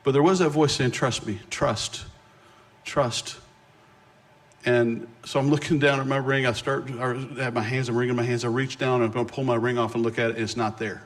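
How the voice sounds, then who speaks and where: A sermon clip: a middle-aged man who is a guest speaker relates a personal story with lively, self-mocking energy. His pitch is medium, and he frequently starts over in quick bursts.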